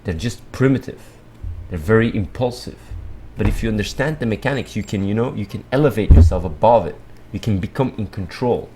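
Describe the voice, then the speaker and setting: Man, a streamer, rambling off the cuff with a low voice, blunt and sweary, with faint background hum. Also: fairly quick. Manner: rambling, repetitive, lots of filler and restarts. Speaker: livestream host. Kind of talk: casual livestream monologue.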